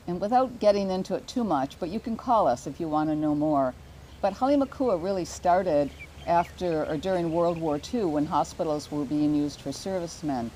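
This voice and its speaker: An older woman talks in an earnest, community-minded way, hosting a casual local show. Her voice sits low and mellow. A faint hiss runs under the recording. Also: poor audio. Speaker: real estate show host. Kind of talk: casual promotional chat.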